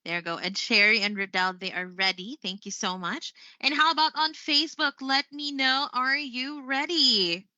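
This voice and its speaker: A woman leads a live online English lesson in a very bright, high-set voice. She takes her time with each word and often breaks into easy laughter. The sound is close and dry but a little muffled. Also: no echo. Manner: slow, expressive delivery with frequent laughs. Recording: slightly muffled stream audio.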